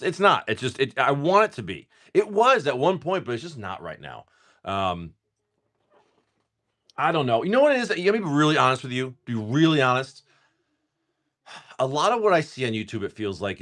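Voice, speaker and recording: Medium in pitch and fairly bright, the man's voice belongs to a livestream host opening trading card packs. His talk is casual and profane, easygoing and meandering, full of false starts.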